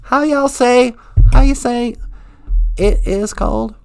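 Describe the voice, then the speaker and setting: A man's voice: very high-pitched, slow, vocal fry, a little mellow, clear, resonant tone, soft background music, pitched above the performer's own voice, full character voice. A man voicing a chirpy Southern woman who speaks Ojibwe, with a thick Southern drawl and a folksy, awkward manner. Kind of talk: comic character bit on a livestream.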